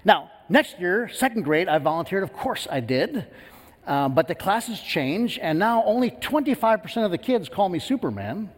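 A middle-aged man preaching a sermon as pastor, telling a story with lively quoted voices in a church. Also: high-pitched, moderate pace. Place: church sanctuary. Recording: long hall reverb.

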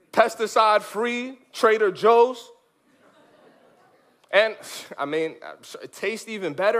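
A man's voice: high-pitched, a bit bright, full character voice. A man voicing a sneaky male serpent in a children's Bible lesson, with a sly, wheedling, insinuating manner.

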